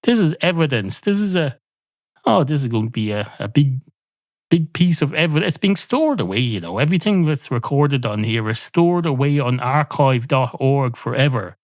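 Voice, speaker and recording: A man's voice: mid-range voice, very animated, normal speed, dry recording, voice pushed up. A man voicing a cautious, rule-bound barman who frets about breaking regulations. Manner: fussy, worried about breaking rules.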